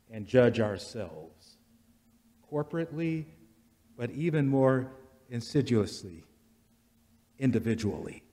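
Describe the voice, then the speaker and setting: A man preaching a sermon in a church, slow and deliberate, building repeated litanies that rise in intensity. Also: medium pitch, warm tone. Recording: long church reverb.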